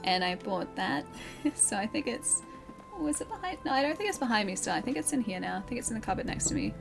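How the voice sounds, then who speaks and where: A woman's voice: on the high side, sing-song, fast talker. A young woman streaming a game from home, chatting and laughing as she answers viewer chat. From Australia. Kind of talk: casual live-stream chat while playing. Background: game music clearly audible.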